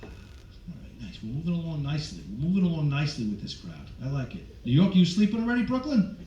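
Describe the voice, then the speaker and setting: A male comedian doing a stand-up set on a cruise ship stage, teasing the crowd loudly, with sudden jumps in pitch. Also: sing-song, fast talker. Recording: echoey, distant, dull with crowd noise. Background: audience noise.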